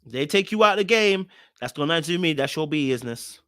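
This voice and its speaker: A man in a slightly high register gives reaction commentary on a reality show. He is blunt and emphatic and repeats his points over and over. His voice sounds close and dry, with no room around it. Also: expressive, fast talker, fairly bright tone, clear, resonant tone, dry recording. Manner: emphatic, blunt and repetitive, hammering points home.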